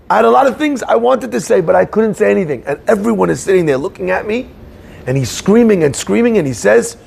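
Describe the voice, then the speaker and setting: A man giving an animated storytelling sermon, acting out the people in his story. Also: sits high, brisk, vocal fry, slightly rough. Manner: animated storyteller, acts out shouting voices. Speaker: rabbi giving a talk.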